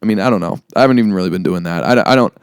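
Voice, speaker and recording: A man's voice: low voice, very fast, clean tone, no room sound, studio quality. A man co-hosting a podcast, talking casually, rambling earnestly at times and wry at others. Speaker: podcast co-host.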